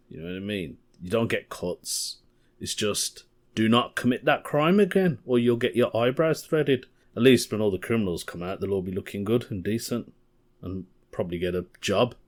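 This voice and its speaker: A young comedian talking through a solo podcast in a loose, rambling way, often chuckling at his own stories. His voice sits a little on the low side. He sounds casual and unscripted. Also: darkish tone.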